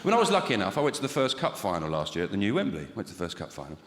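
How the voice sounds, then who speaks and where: A middle-aged man doing a deadpan, sardonic stand-up routine. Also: on the low side, racing. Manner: deadpan, dry and sardonic, swearing. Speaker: stand-up comedian. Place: large comedy venue. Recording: echoey hall with loud audience laughter.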